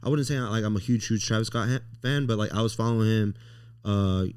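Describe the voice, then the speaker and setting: A young man hosting a casual podcast, telling excited stories full of slang and "bro". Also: lowish voice, a little fast, smooth. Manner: excitable storyteller, slangy, says bro a lot. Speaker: podcast host.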